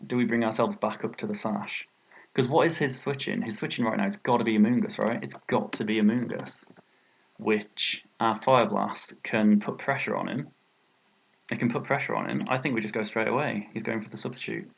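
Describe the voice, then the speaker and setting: A man's voice: on the low side, fairly quick, creaky, breathy edge. A young British man commentating his own competitive game match, thinking aloud and often exclaiming at his own mistakes. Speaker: gaming video creator.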